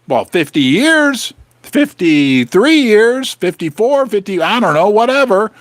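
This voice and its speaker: A man in his fifties from Saint Louis, Missouri, hosting a casual livestream from his basement in an excitable, joking, rambling way. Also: high voice, unhurried, no room sound. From Saint Louis, Missouri, USA. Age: 50s. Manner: chatty, excitable, joking, rambling with self-interruptions. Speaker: livestream host.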